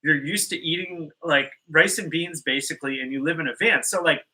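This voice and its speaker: Bright-voiced, teasing male co-host. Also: fairly high pitch, brisk, poor audio. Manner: laid-back, teasing. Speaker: podcast co-host. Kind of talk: casual podcast chat. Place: studio.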